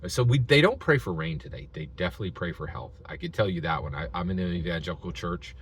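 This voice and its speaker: Man, deep voice, lively swinging delivery, rambling commentary full of restarts. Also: quick pace, breathy edge. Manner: animated storytelling, acting out quotes in different voices; rambling with frequent restarts and filler words. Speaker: video commentator. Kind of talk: casual spoken commentary.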